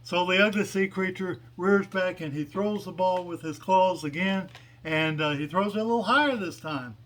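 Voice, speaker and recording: A man's voice: high voice, moderate pace, a bit bright. Meandering man telling a long joke. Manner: meandering, hesitant, many fillers. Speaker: joke teller. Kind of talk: casual spoken storytelling.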